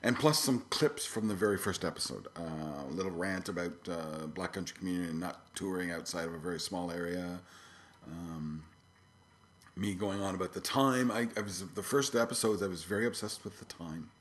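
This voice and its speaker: Rambling podcast host with a low voice. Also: male voice, moderate pace. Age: middle-aged. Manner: rambling, many fillers and restarts. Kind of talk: casual solo podcast talk.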